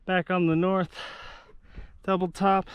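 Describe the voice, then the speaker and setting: A man's voice: high voice, level tone, slow, slight background noise, rough recording. A man vlogging a hike outdoors on a mountain trail, out of breath, chatty and self-deprecating. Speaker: hiking vlogger. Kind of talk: casual hiking vlog narration.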